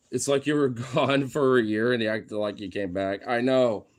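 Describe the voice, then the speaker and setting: A man's voice: mid-range voice, steady tone, a little slow. A man casually vlogging at home, talking in a playful, silly voice to his dogs and laughing often. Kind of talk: casual vlog chat.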